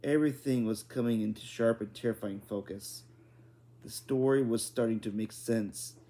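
A man reading a children's novel aloud at a steady, plain pace, with small restarts. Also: mid-range voice, moderate pace. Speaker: reader.

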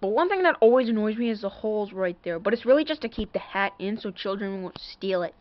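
A woman with a mid-range voice talks fast and animatedly in a casual show-and-tell vlog, showing off a doll from her toy collection. She rambles with lots of fillers and apologies, and the lo-fi audio carries slight background noise.

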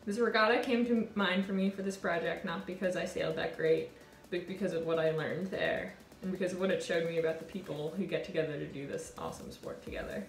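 A woman in her twenties, a college sailor, telling a reflective personal story in an earnest, warm way. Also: fairly low pitch, vocal fry, echoey room. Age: 20s. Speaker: college sailor and award winner.

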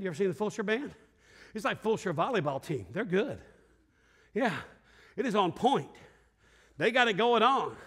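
A middle-aged man preaching a sermon, telling a story with lively shouts and laughter. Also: sits high. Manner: animated storyteller, acts out scenes with shouts and laughter. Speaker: pastor. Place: large church sanctuary. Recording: long hall reverb.

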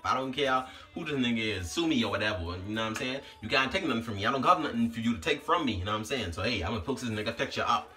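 A man casually telling a story to his vlog audience, slangy and animated, always asking "you know what I'm saying". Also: medium pitch, far from the mic.

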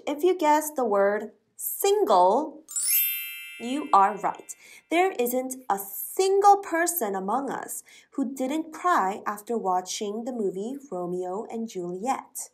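Slow, clear woman teaching English. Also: a little high, expressive. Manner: slow, clear, spells words out. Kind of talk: English lesson.

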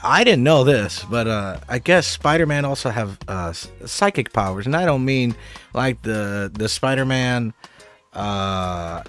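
A man's voice: medium pitch, animated, unhurried, a bit bright, soft background music. A man casually recapping a TV episode, rambling and swearing, with lots of fillers and restarts. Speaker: show recap host.

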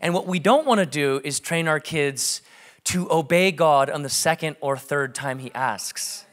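A man in his thirties, a pastor preaching a sermon and telling stories lively, acting out family conversations. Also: fairly high pitch, a little slow.

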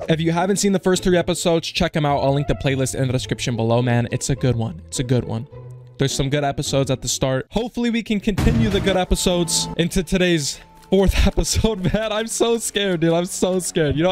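A man giving live gambling commentary as a slots streamer, casual and slangy, swearing and bursting into yells on big hits. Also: a little high. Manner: casual slang, keeps saying "dude" and "man".

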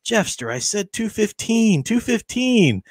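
A man voicing a smooth, theatrical male con man who coaxes patiently and sounds falsely sorry. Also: high voice, sing-song, a little slow, no room sound, clean studio sound, pitched above the performer's own voice, heavily acted. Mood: coaxing.

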